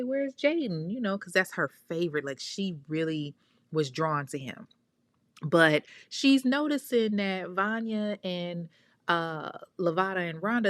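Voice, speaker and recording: A woman's voice: low-pitched, no room sound. A woman telling a true crime story in a casual, blunt, profane way, full of emphatic asides.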